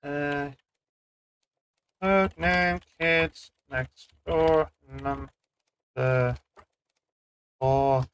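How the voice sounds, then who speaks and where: A man's voice: fairly high pitch, steady tone, drawn-out words, pauses often, fairly bright tone, smooth, poor audio. A man streaming a video game and chatting casually to viewers, rambling and poking fun at himself. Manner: chatty, self-mocking, rambling asides. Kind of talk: casual gameplay commentary. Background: faint game music.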